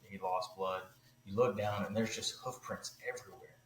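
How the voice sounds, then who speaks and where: A man telling a hunting story on a podcast, animated and loose, full of "like" and "you know". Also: lowish voice, moderate pace, roomy sound, slight background noise, rough recording. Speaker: podcast guest.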